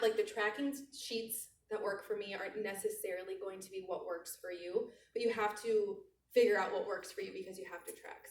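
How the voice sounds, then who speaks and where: A woman in her thirties giving an animated motivational sales talk to a live audience, slowly repeating her key phrases. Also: medium pitch. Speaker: sales trainer. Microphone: handheld mic held away from mouth. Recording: roomy, distant handheld mic.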